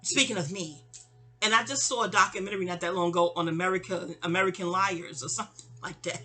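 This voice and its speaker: Bright-voiced rambling woman storyteller. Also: lowish voice, fast. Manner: rambling, repeats and restarts words, acts out quotes. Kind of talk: casual storytime monologue.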